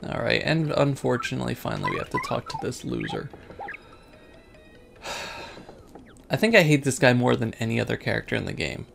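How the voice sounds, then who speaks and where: A man's voice: mid-range voice, wildly swooping pitch, brisk, gravelly, long pauses, fairly bright tone, soft background music. A man casually commenting on a video game, rambling and self-mocking with lots of hesitation. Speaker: let's play host.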